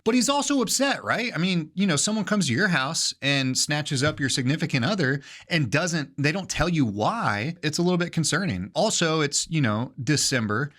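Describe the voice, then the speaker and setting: A man's voice: on the high side, very animated, normal speed, few pauses, a bit bright. A man, an attorney, casually talking through bodycam footage, explaining things step by step with frequent "you know" and "right?". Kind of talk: casual legal commentary.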